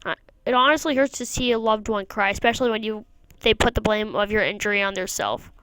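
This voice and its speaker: A woman's voice: mid-range voice, quick pace, fairly bright tone, clean tone, dry recording, rough recording. A woman reading a visual novel aloud, mostly plain narration with the odd wry aside. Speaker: gamer.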